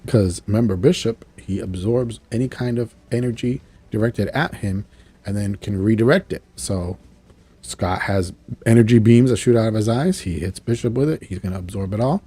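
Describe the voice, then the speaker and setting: With a voice on the low side and a bit of roughness, a man reviewing a show walks through a cartoon episode at normal speed. He rambles casually, performs the characters' dialogue with animation, and chuckles at his own asides.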